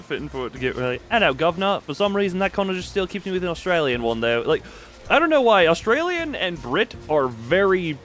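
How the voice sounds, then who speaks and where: A man's voice: on the high side, fairly bright tone. A man streaming a game, rambling casually and reading lines aloud with self-mocking asides.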